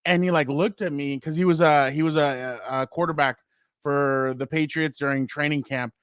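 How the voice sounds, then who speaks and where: A man with a fairly high voice holds forth on football as a podcast co-host, winding through anecdotes with plenty of fillers. He talks in a loose, conversational way. The sound is dry and close to the mic. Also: steady tone, moderate pace, fairly bright tone, clean tone, dry recording. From San Diego area. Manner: storytelling, rambling, with fillers and asides. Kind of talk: casual sports chat.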